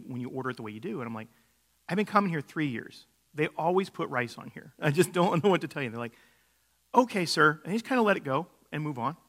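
A middle-aged man gives a sermon in a fairly high voice. He tells stories in a loose, conversational way, full of fillers and false starts. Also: fairly bright tone. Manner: casual storytelling with many fillers and restarts. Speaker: pastor.

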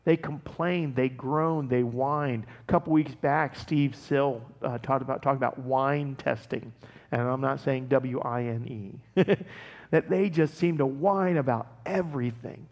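A male pastor giving a casual, conversational sermon, animated and laughing often as he tells stories. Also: mid-range voice, a little slow, in a large hall.

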